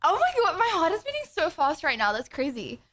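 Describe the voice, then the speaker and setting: A woman streamer chatting casually to her live audience, playfully bossy and full of quick asides. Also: very high-pitched, huge pitch swings, a bit bright.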